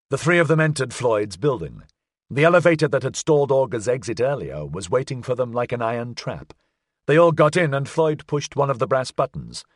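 Male narrator, audiobook, measured, expressive, lively pitch, dry close studio sound. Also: no echo. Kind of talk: scripted narration.

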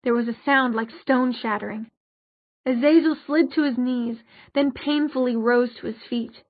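A woman's voice: fairly high pitch, fairly even intonation, moderate pace, no echo. Woman narrating fiction over a phone-like line. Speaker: audiobook narrator. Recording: dry, phone-like narrow sound.

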